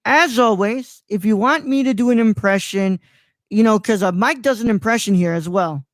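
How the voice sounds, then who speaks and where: Rambling through a casual live show, this man from Mexico, in his twenties, trips over names and fills his speech with fillers. He has a high voice, speaks at a normal speed, and the recording is dry.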